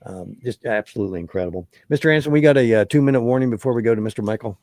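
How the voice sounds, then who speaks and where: A man hosting a talk show, chatting casually, often repeating words and pausing with ums. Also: mid-range voice, darkish tone, no echo, clean studio sound. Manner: halting, repeats words, fills pauses with um. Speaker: radio show host.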